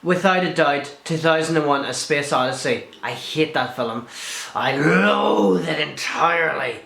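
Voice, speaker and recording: Young guy, casual Q&A vlogger, fairly high voice, talkative with blunt swearing, echoey room. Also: a little slow, creaky. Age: young adult. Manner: chatty, swears freely, animated asides. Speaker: video blogger. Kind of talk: casual Q&A vlog.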